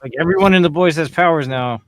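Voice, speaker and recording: A man co-hosting a casual show chat, musing about characters with quiet trailing asides. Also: on the high side, quick pace, dry recording, clean studio sound, soft background music. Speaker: podcast co-host.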